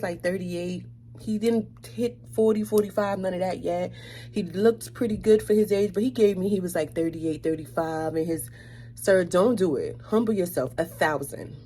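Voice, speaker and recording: A young woman from New York tells a storytime tale with sass and animation. Her voice is mellow and warm, and it slips into hushed asides. A faint hum sits behind her. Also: mid-range voice. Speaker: vlogger. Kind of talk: storytime chat.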